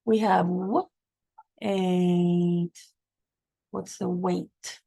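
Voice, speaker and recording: A woman's voice: fairly low pitch, steady tone, very slow, creaky, dark tone, dry recording, rough recording. A woman teaching a phonics lesson, patiently sounding out words and spelling them letter by letter.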